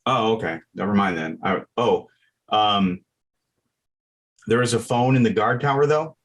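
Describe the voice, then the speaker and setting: Low, husky man, hesitant tabletop player. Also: unhurried. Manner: hesitant, thinking aloud. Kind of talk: actual-play tabletop game.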